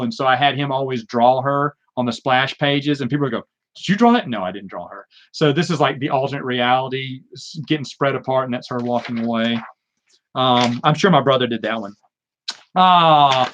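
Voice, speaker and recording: A man's voice: medium pitch, a bit bright, lo-fi sound. A man hosting a live Q&A, chatting casually and rambling with lots of fillers, restarts and self-mocking asides. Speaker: live Q&A host. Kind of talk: casual live stream chat.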